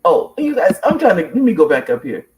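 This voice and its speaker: Middle-aged woman, talk show host, lively up-and-down delivery, chatty storyteller who laughs easily. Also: on the low side, brisk, a little hiss or hum. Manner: animated storyteller, laughs often, restarts sentences. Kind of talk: casual chat reading viewer comments.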